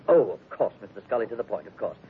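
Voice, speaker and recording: A man's voice: medium pitch, big pitch swings, a little fast, a little hiss or hum. An actor playing a pompous, fussy doctor in a 1940s radio drama, hemming and hawing as he lectures. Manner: pompous, hesitant with uh's. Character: fussy, smooth-talking male doctor, pompous. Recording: tinny old radio broadcast.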